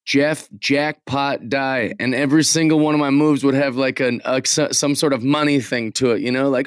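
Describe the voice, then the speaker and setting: A man's voice: mid-range voice, steady tone, normal speed, few pauses, clean tone, dry recording, studio quality. A man guesting on a podcast in casual chat, enthusiastic and full of fillers. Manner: enthusiastic, laughs easily, filler-heavy.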